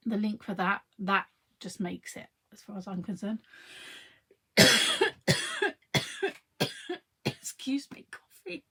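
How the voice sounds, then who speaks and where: Husky chatty woman crafter. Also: mid-range voice. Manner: chatty, friendly, talks to viewers and reads their comments. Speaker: craft demonstrator on a live stream. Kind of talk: chatty live craft demonstration.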